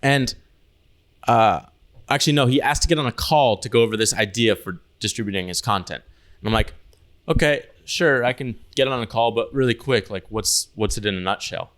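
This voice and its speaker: A man's voice: mid-range voice, a little fast, a bit bright. A man co-hosting a podcast in casual chat, telling loose stories full of "like" and swearing. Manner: loose, swearing storyteller, heavy use of "like". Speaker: podcast co-host.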